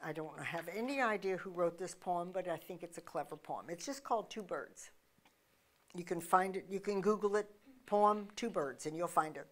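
A woman's voice: on the low side, normal speed. A woman minister preaching in a conversational, emphatic style, with rhetorical questions and frequent restarts. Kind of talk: sermon.

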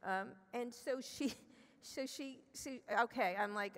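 A middle-aged woman speaking as a conference guest, blunt and salty, tumbling over her own restarts as she tells a personal story. Her voice sits at an ordinary pitch for a woman, and it rings out with a long reverb through a big hall. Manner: blunt and profane, with rapid restarts. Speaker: interview guest. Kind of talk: candid storytelling on stage. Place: tech conference stage.

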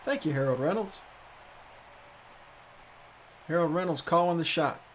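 A man's voice: fairly high pitch, expressive, a little slow, slight background noise. A man casually commenting on his own baseball video game play, reacting aloud as it unfolds. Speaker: gaming video creator. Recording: voice over loud stadium crowd.

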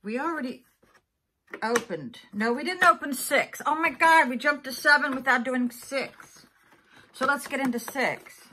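Chatty woman over sixty, bright voice. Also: mid-range voice, a little hiss or hum. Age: 60s. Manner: chatty, thinks aloud, laughs often. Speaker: vlogger. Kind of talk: casual unboxing chat.

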